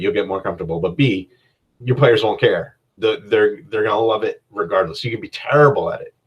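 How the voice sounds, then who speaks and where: A man's voice: lowish voice, poor audio. A man hosting a casual solo podcast as a game master. He rambles in a self-deprecating way and uses many fillers.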